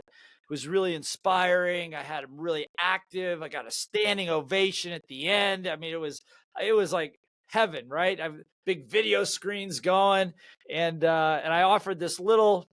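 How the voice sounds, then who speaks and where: An older man, a sales trainer and author, tells lively anecdotes in an interview and laughs at his own stories. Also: a little high, dry recording. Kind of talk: storytelling in an interview.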